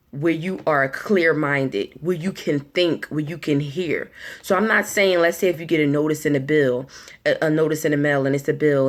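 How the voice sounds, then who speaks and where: A woman giving an earnest motivational talk, repeating herself and restarting words as she goes. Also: low-pitched. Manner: acts out anxious inner voices in quick asides. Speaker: motivational speaker.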